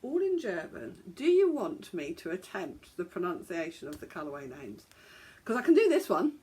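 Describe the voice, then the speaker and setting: A woman's voice: medium pitch, wildly swooping pitch, moderate pace. A woman hosting a podcast, chatting casually and joking at her own expense as she stumbles over foreign words. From England. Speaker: podcast host.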